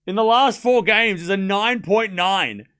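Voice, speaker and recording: A young man with a high-sitting, sharp, clean voice hosts a live tennis watchalong stream at a measured pace. His live streamed commentary blends play-by-play with chatty, joking asides.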